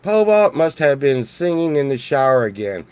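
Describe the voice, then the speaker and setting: A man's voice: medium pitch, big pitch swings, normal speed, a little mellow, clear, resonant tone, dry recording. A man from Texas, rambling jokily in a casual monologue full of restarts and swearing. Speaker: vlogger.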